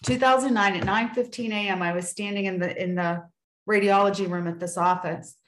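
A woman's voice: mid-range voice, steady tone, a little fast, fairly bright tone, reverberant, low-quality recording. A woman sharing a personal faith story in casual talk on a video call, earnest and acting out what people said. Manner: earnest storytelling with acted-out quotes.

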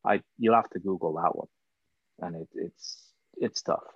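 Welsh man with a low voice. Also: normal speed, slightly rough, dry recording, highs cut off. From Wales. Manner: laid-back storyteller who swears freely. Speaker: podcast guest, former hockey player. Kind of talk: casual chat.

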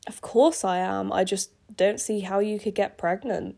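A woman's voice: medium pitch, moderate pace, creaky, mellow. A woman voicing a prim, easily flustered young princess who scolds her friend, reading from a story.

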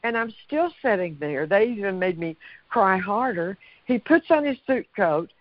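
Woman, interview guest, halting, stumbling over words, dry dull lo-fi sound. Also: mid-range voice, animated, no echo. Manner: halting, repeats words, hesitant. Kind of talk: personal testimony in an interview.

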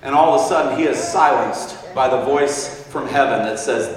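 A man's voice: mid-range voice, normal speed, hardly any pauses. A man preaching a sermon in a church with a fervent, exclaiming delivery, heard from far off in an echoey hall.

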